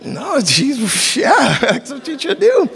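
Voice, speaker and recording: A man preaching a sermon in an animated way, acting out the voices of the people he quotes. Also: very high-pitched, slow, creaky. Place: church hall. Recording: church hall reverb.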